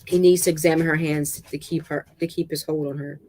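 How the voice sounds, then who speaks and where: A storyteller reading a dramatic novel aloud in a steady middle pitch, sometimes tripping over a word and starting again. The delivery is plain and unpolished. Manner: halting reading with restarts and stumbles. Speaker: narrator.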